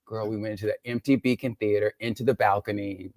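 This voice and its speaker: A woman in her fifties, a guest joining by video call, telling stories in a lively, laughing, expressive way. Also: very deep voice, fast talker. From United States. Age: 50s. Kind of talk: casual chat.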